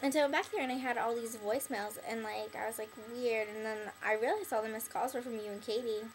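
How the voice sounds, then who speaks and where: A young woman speaks to her camera in a loose, meandering stream, with "like" in nearly every phrase. Her voice sits a little high, and she turns blunt and bitter toward the person she addresses. A faint hiss runs under the recording. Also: steady tone, fast talker, poor audio. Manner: rambling, filler-heavy, "like" in nearly every phrase. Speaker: vlogger addressing an ex-friend. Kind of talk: casual rambling monologue to camera.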